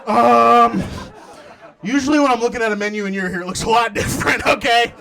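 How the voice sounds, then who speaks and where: A man's voice: sits high, animated, brisk, gravelly, noisy background. A young man performing a stand-up comedy set on a club stage, acting out voices and laughing through his lines. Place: comedy club stage in front of a live audience.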